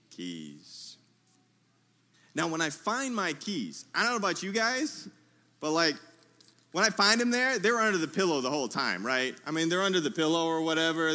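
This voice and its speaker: A man preaching a sermon in a tent, telling a humorous story in a lively way and calling out to his listeners. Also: fairly high pitch. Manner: lively, humorous storytelling with audience call-outs. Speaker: pastor.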